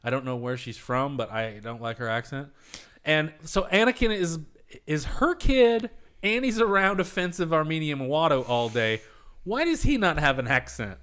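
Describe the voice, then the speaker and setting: A man's voice: a little high, moderate pace, smooth. Rambling, cursing podcast guy. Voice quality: profane, rambling, animated retelling. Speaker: podcast host. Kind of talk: casual chat.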